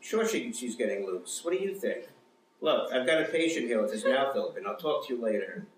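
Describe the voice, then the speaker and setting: A man's voice: mid-range voice, sing-song, brisk, recorded from a distance, a little hiss or hum, natural voice. A man voicing a brusque, erratic middle-aged male dentist who talks bluntly and ominously, read aloud in a storytelling performance. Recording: echoey room, mic from afar.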